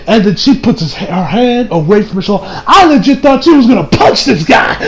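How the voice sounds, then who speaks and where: A man's voice: extremely high pitch, low-quality recording. A man giving a casual, profanity-laced anime episode recap and rant, acting out the characters' lines as he goes. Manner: profane, animated, mimics characters in quotes. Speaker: anime reviewer.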